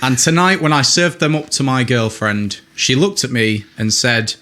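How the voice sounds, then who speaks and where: A man's voice: medium pitch, animated, moderate pace, few pauses, bright, forceful tone. A man co-hosting a podcast in casual banter, joking, swearing freely and laughing through his lines. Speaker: podcast co-host.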